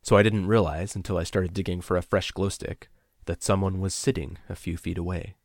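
Deep, gravelly male horror narrator. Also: flat delivery, no room sound, studio quality. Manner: measured, dropping to a hush on tense beats. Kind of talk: first-person horror narration.

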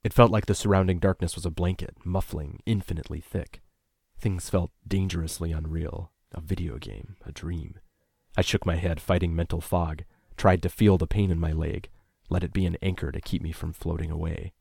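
A man narrating a tense first-person story in a measured, scripted reading. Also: sits low, steady tone, gravelly, darkish tone, breathy edge, no room sound, clean studio sound. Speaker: audiobook narrator.

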